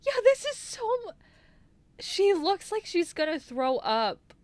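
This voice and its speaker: A woman streamer reacting live to a game, swearing and exclaiming loudly. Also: extremely high pitch, sing-song, takes it slowly, dry recording.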